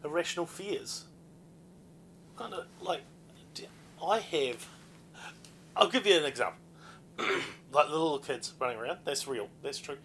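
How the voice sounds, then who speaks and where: A young man hosting a casual podcast chat, animated, laughing often and swearing freely. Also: a little high, moderate pace, long pauses, a little hiss or hum.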